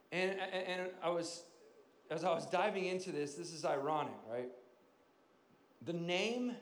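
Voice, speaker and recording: A man with a high voice delivers a sermon in a dynamic preaching style, building to loud emphatic peaks and dropping to hushed, quiet moments. His voice carries with a roomy echo, as if from a church hall. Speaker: pastor.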